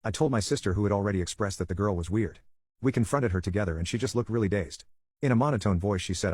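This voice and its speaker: Male narrator, low husky voice, brisk read of a forum story. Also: darkish tone, no echo.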